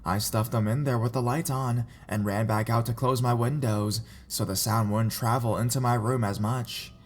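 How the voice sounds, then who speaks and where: Man calmly reading scary stories. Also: mid-range voice, normal speed, slight background noise. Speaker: horror story narrator. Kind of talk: scripted narration of reader stories.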